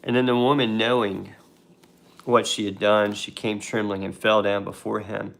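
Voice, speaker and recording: A man's voice: lowish voice, little pitch movement, moderate pace, gravelly, fairly bright tone. A man casually retelling a Bible story as a devotional host, talking conversationally with fillers and restarts.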